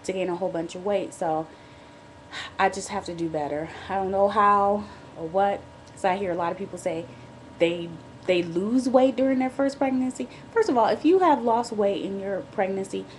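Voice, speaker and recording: A woman's voice: medium pitch, a little fast, a little hiss or hum. A pregnant woman, vlogging from bed rest in a chatty, candid way, with frequent restarts and asides. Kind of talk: casual pregnancy diary vlog.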